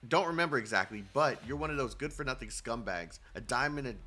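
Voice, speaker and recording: A man's voice: medium pitch, lively intonation, quick pace, sharp tone. A man voicing a brash, taunting male mercenary guard from a video game story, bossing prisoners around. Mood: sneering. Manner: taunting, bossy.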